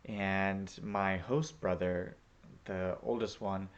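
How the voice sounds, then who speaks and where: Laid-back guy telling a story on his vlog, lowish voice, lots of ums, kinda muffled audio. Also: steady tone, takes it slowly, clear, resonant tone. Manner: easygoing, chatty, many fillers. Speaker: returned Peace Corps volunteer.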